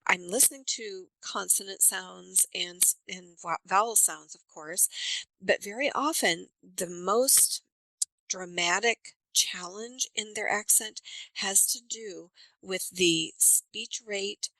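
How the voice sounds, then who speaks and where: A woman accent coach, speaking as a podcast guest and explaining things with lively examples. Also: medium pitch, slow, gravelly, no room sound, poor audio. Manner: animated storyteller, explains with examples. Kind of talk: podcast interview.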